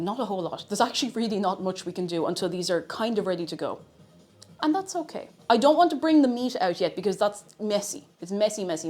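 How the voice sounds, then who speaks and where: Woman streamer, chatty and playful at her home kitchen, very animated pitch. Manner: playful, rambling, reads out chat messages. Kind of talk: casual live-stream chat while cooking.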